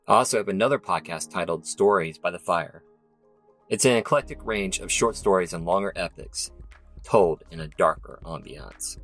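A man's voice: sits low, fairly bright tone. A man narrating his own audio drama in a dramatic storytelling manner. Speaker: narrator and author.

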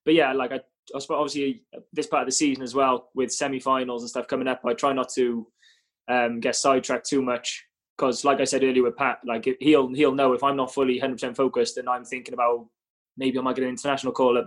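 Flat-toned Welsh man, modest. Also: mid-range voice, quick pace. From Wales. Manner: modest, filler-heavy, laughs easily. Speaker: guest rugby player. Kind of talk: casual podcast chat.

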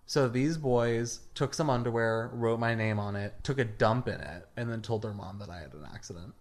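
A young man co-hosting a comedy podcast, telling a story in a casual, animated way and laughing through it. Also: mid-range voice, normal speed. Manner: animated, laughs through his stories, acts out quotes. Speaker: podcast co-host.

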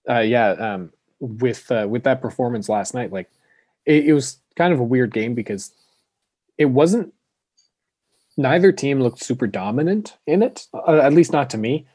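A man's voice: mid-range voice, animated, normal speed, a little mellow, slightly rough, no room sound. A man co-hosting a casual hockey podcast, rambling with lots of fillers and restarts. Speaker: podcast co-host.

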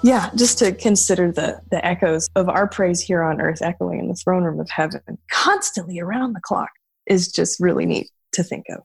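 A woman's voice: lowish voice, normal speed, vocal fry, breathy edge, no echo, faint music behind. A woman being interviewed on a podcast in a chatty, casual way, still in her morning voice. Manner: chatty, laughs often, restarts words. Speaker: podcast guest. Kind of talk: casual conversation.

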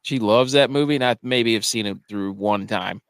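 A man's voice: fairly low pitch, normal speed, clean tone, dry recording. A man co-hosting a casual podcast, playful and teasing as he chats about movies. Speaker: podcast co-host.

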